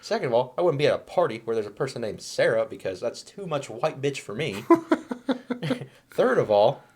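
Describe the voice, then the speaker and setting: A man's voice: medium pitch, normal speed, husky. A man co-hosting a comedy podcast, ranting jokingly and putting on mock voices for quotes. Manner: animated, jokey rants with mock quotes. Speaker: podcast co-host. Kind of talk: casual comedy chat.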